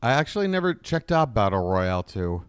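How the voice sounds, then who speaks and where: A man's voice: lowish voice, sing-song, brisk. A man hosting a live stream, riffing casually and wryly, often wandering off on tangents. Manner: rambling, wry, easily sidetracked.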